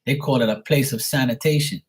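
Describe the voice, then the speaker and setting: A man's voice: medium pitch, a little fast, husky. A man chatting casually on a livestream tarot reading, rambling and swearing, repeating his words as he goes. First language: Portuguese spoken at home. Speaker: live tarot reader.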